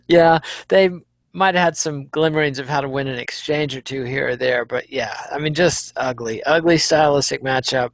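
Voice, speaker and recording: A man co-hosting a casual post-fight chat, measured and wry, running through results with dry humor. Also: medium pitch, a bit bright, dry recording. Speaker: co-host.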